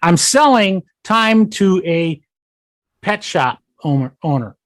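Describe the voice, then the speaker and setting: A man hosting a casual business podcast, an animated storyteller who acts out the quotes in his anecdotes. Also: sits high, slow, no echo, clean studio sound. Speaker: podcast host. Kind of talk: casual conversation.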